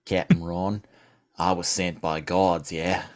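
Brash male polar bear, gruff put-on Aussie accent, low and rough, a man doing the voice. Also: level tone, slow. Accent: put-on Australian. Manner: gruff, slangy, says mate.

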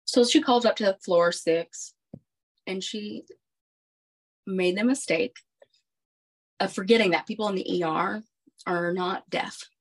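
A woman, a podcast guest, recounting a personal story in an animated, emphatic way with frequent restarts. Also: medium pitch, a little slow, long pauses.

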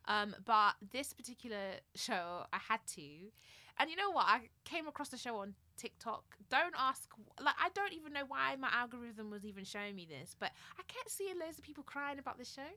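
A young woman co-hosting a casual podcast chat, animated and laughing as she acts out her own reactions. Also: on the high side, moderate pace, no echo. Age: 20s. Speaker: podcast co-host.

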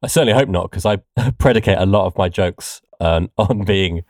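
A man co-hosting a relaxed podcast, talking through a poem with quick asides and laughter. His voice sits on the low side. It is recorded close and dry. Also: no room sound. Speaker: podcast co-host. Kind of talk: casual podcast chat about poetry.

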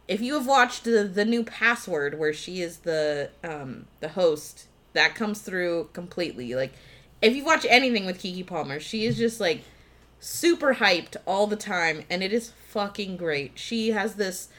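A woman co-hosting a podcast who talks about films with open enthusiasm. Her chat is casual and peppered with swearing, and she is quick to jump in with corrections. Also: fairly low pitch, animated, fairly bright tone. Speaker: podcast co-host. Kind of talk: casual movie discussion.

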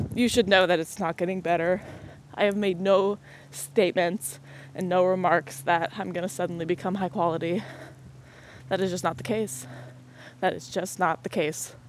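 Sick, breathless young woman rambling outdoors. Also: medium pitch. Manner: self-deprecating, joking, scattered. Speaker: podcast host. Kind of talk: rambling solo podcast chat. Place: outdoors on a windy street while walking. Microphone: headset mic on headphones. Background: passing cars and wind.

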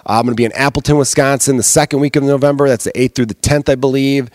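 A man's voice: mid-range voice, fairly even intonation, fast talker, no echo, clean studio sound. A man hosting his own podcast as a comedian, ranting casually and heatedly with plenty of swearing. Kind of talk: casual solo podcast rant.

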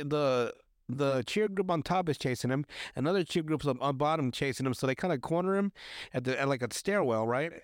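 Recapping a TV episode, a young male podcast host chats in a crude, casual way, with frequent swearing, fillers, and plenty of restarts as he rambles. His voice sits on the high side. The studio sound is clean, with no room sound.

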